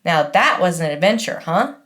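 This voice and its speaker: A woman's voice: lowish voice, very animated, normal speed, a bit bright. A woman doing a cocky, clever boy. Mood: cool. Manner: cool, mock-grand, theatrical. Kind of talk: audiobook character voice.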